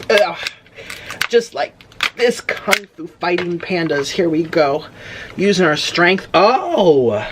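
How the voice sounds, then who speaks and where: A young woman with a lowish, slow voice full of big pitch swings hosts a casual eating-show vlog, gasping and exclaiming while she talks. It's a noisy home recording.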